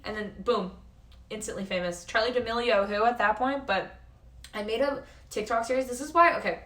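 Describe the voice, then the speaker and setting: A young woman streamer talks loosely from a hotel room, swearing freely and hopping from one tangent to the next. Her voice sits at an ordinary middle pitch. It carries an echo off the room's walls and sounds set back from the microphone. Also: fairly even intonation, moderate pace, fairly bright tone, far from the mic. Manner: rambling, swears freely, jumps between tangents. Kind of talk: casual live-stream chat. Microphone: facecam at a distance. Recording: echoey room, voice off-mic.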